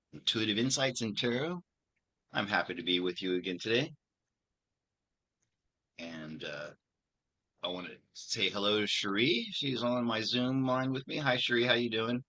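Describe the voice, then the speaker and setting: A channel host talks casually over a video call, wandering through his story with frequent pauses and restarts. His voice is fairly low, yet its tone is very bright and forceful. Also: lively intonation. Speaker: channel host and tarot reader.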